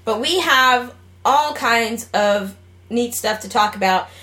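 A woman's voice: fairly high pitch, slow pace, bright, forceful tone. A young woman co-hosting a casual gaming and gadget podcast, bubbly and jokey, rambling with fillers. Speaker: podcast co-host.

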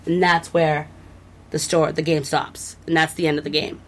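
A woman's voice: low voice, level tone, moderate pace. A woman co-hosting a casual podcast, recapping a horror video game in a rambling, enthusiastic way with lots of fillers and restarts. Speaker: podcast co-host.

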